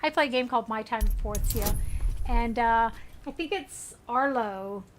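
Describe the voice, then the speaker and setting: A woman's voice: fairly high pitch, moderate pace, slight background noise. Chatty, playful American woman streamer. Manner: chatty, playful, laughs often. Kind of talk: casual gameplay commentary.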